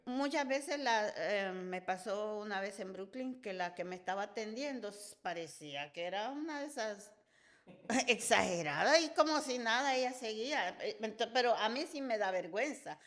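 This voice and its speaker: An older woman shares stories on a casual podcast. She talks with lively, confessional energy, and her voice sits at a middle pitch. She goes back and forth between hushed asides and bursts of emphasis. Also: fairly quick. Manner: animated, confessional anecdote telling. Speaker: podcast guest, host's mother. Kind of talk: casual storytelling chat.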